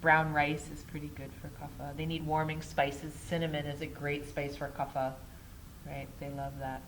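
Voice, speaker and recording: A woman's voice: low-pitched, little pitch movement, normal speed, a little hiss or hum, low-quality recording. A woman teaching a casual Ayurveda class at a yoga studio. She talks in a chatty way, keeps asking "right?" and laughs at herself.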